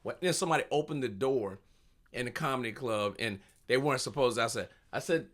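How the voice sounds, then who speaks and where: A man, a stand-up comedian, is talking shop in a relaxed chat. He tells his stories with lots of energy and slips into other people's voices along the way, laughing as he goes. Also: mid-range voice, quick pace. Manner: animated storyteller, acts out voices, laughs often. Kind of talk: casual storytelling chat.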